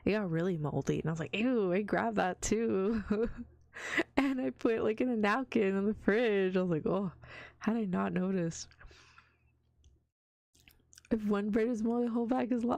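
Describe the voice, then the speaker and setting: A woman's voice: mid-range voice, normal speed, gravelly, long pauses, darkish tone, dry recording. A young woman streaming as a vtuber in whispered role-play, telling stories in a chatty, giggly way that slips into whispers.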